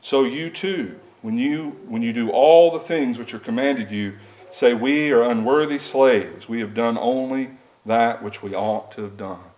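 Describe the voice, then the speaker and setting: A man's voice: mid-range voice, unhurried, a little mellow, poor audio. A man preaching a sermon in a plain, conversational way. He reads scripture aloud and stops to ask his listeners rhetorical questions.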